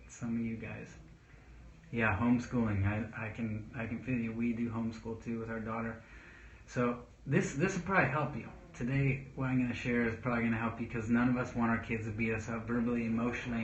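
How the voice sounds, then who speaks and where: A man's voice: medium pitch, a little hiss or hum. Man talking parenting, roomy dull sound. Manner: rambling, with restarts and calm demonstrations of speech. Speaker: children's pastor. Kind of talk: casual advice talk to camera.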